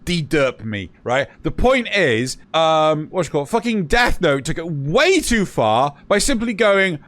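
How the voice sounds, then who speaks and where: A man chats casually as the host, cursing often and sounding exasperated. His voice sits a little high and jumps all over the place as he rants. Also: sing-song, a little slow, few pauses, a bit bright. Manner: sweary, ranting, exasperated. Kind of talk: casual chat.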